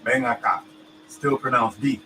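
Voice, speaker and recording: A man's voice: medium pitch, measured pace, sharp tone, low-quality recording. Man in casual chat, talks loosely, lots of fillers and "you understand?", faint background hum. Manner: loose, filler-heavy explaining, keeps checking "you understand me?".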